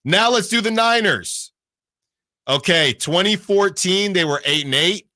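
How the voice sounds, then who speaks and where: A man's voice: high-pitched, lively intonation, unhurried, sharp tone, no echo, clean studio sound. A man hosting sports radio, reading out team records in casual talk and checking himself as he goes. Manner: reads out records, self-checking.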